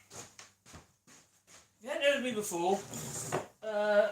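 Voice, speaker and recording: A man's voice: high voice, fairly bright tone, reverberant, distant mic. A man chatting casually on a radio mic while he builds something, rambling and cracking jokes. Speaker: vlogger. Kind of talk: casual chat while woodworking.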